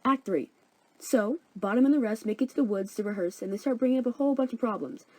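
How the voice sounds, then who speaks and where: A woman's voice: on the high side, fast, a little mellow, no room sound, poor audio. A young woman narrating a comedic story summary in a flippant, slangy way.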